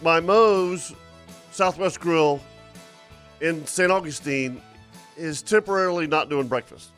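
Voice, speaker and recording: A man's voice: fairly high pitch, slow pace, fairly bright tone, faint music behind. A male radio host chatting casually, often restarting his sentences.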